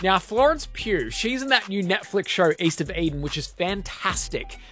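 A man's voice: high voice, big pitch swings, moderate pace, bright, forceful tone, faint music behind. A man hosting a chatty celebrity news segment in a bubbly, upbeat way. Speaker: entertainment news host.

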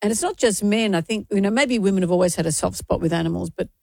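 A woman's voice: medium pitch, fast, vocal fry, darkish tone, no room sound, studio quality. A woman, co-hosting a radio show in casual chat, emotional and rambling. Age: 60s. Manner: emotional, tearful, rambling and candid. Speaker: radio co-host.

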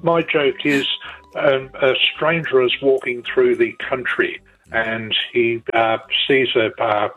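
Australian phone-in caller, husky, halting and rambling, phone-line sound. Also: male voice, medium pitch, fairly even intonation. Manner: rambling, halting with many fillers. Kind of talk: telling a joke on air.

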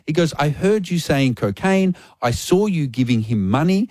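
A man's voice: a little high, moderate pace, dry recording. A male radio host telling a funny story in casual chat, laughing often and acting out the people in it. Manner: animated, laughs a lot, voices people in his stories.

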